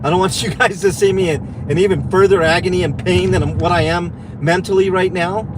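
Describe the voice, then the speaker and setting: A furious man rants and swears on a livestream from behind the wheel, his voice pitched high for a man. Faint road noise hums under the talk in the car. He drips with sarcasm and sounds worked up. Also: steady tone, a little fast. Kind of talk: angry livestream rant. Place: in a car while driving.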